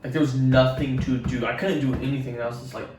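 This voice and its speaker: A young man with a medium-pitched voice talks fast in a casual podcast chat, recorded from far off in an echoey room with a noisy background. This co-host animatedly retells rambling, profane stories.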